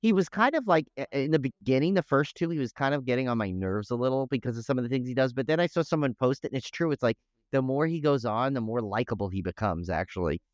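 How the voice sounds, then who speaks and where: A man co-hosting a podcast in casual chat, rambling and animated with many restarts. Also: mid-range voice, fast talker, dry recording, lo-fi sound. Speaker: podcast co-host.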